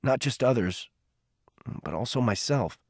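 A man's voice: mid-range voice, lively intonation, measured pace, a little mellow, no echo, studio quality. A man voicing a troubled teenage boy who speaks in a subdued, remorseful way.

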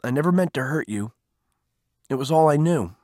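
Man reading as a quiet, remorseful teenage boy. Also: a little high, lively intonation, moderate pace, no echo, clean studio sound, voice pushed up, close to an everyday voice.

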